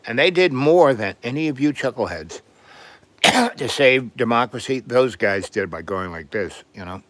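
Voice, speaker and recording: An older man from New York City hosting a live stream, telling rambling stories and often clearing his throat. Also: mid-range voice, expressive, moderate pace, fairly bright tone, no echo. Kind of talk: rambling storytelling.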